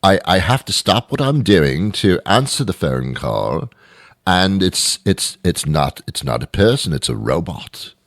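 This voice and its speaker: A British man hosting a radio talk show, talking in an animated, mock-indignant, rambling way. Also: deep voice, measured pace, no echo, clean studio sound. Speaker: radio host. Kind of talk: comic talk radio monologue.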